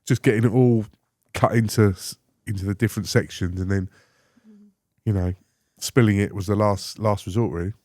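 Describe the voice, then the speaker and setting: A middle-aged British man, a father co-hosting a podcast, telling anecdotes in a chatty, animated way. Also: fairly low pitch, moderate pace, no echo, studio quality. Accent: British English. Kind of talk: casual podcast chat.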